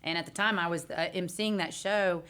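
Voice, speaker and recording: A woman's voice: lowish voice, fairly even intonation, moderate pace, fairly bright tone, smooth. A middle-aged woman with a Texan accent, a band's lead singer, telling stories as a guest in an upbeat way. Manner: storytelling, upbeat. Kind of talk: casual chat.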